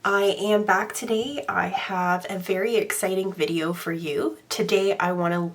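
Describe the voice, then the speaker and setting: A woman's voice: fairly low pitch, fairly bright tone. A young adult woman hosting a casual tarot vlog, talking in a chatty way with ums and self-corrections while congested from a cold. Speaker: tarot channel host. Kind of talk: casual show-and-tell vlog.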